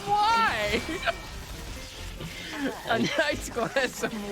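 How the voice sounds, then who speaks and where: A drunk, hiccuping woman streamer, giddy and rambling, who keeps laughing and shouting. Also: sits high, sing-song, unhurried. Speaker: gaming streamer. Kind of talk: drunk gaming stream clip. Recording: loud background music over clip.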